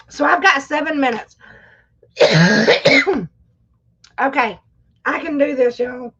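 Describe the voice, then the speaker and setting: A woman's voice: high-pitched, takes it slowly, pauses often, a bit bright, highs cut off. A woman chatting casually to viewers on a live stream, her throat irritated and coughing. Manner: chatty, talks straight to viewers. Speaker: livestream host; schoolteacher.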